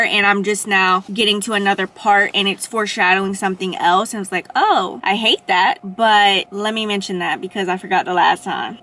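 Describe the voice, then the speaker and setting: A woman's voice: mid-range voice, fairly bright tone. A woman book vlogger talking casually through her conflicted thoughts on a novel, thinking aloud as she goes. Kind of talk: casual book review talk.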